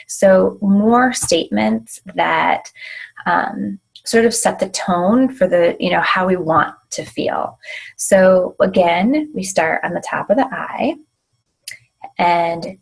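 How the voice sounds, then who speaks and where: A woman teaching a tapping technique and guiding slow repeated affirmations in a casual, informal way at home. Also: fairly low pitch, creaky, slightly rough, low-quality recording. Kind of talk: guided tapping demonstration.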